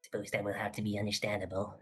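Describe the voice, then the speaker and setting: Brief: a player as a proud exiled kobold shaman, formal, monotone. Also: sits low, racing, husky, faint music behind. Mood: measured.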